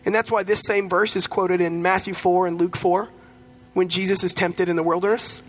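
High-voiced pastor preaching a sermon. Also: male voice, flat delivery, moderate pace. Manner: conversational storytelling with humor.

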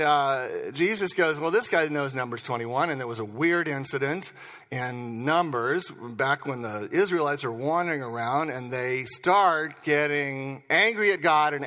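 An older man preaching a sermon as pastor, talking in a conversational, animated way with asides. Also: a little high. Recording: reverberant hall.

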